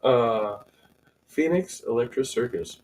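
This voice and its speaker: A man's voice: medium pitch, animated, slow, a little mellow, poor audio. A man casually reading and reacting to a blog post, rambling and sarcastic, full of restarts and asides. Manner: rambling, sarcastic, with many restarts and self-corrections. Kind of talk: casual commentary.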